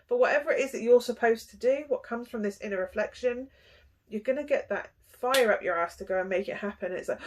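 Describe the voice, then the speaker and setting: A young woman talks through a tarot reading in a casual, chatty way. Her voice sits at an ordinary middle pitch, and she breaks in with little sighs and gasps as she goes. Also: quick pace. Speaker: tarot reader.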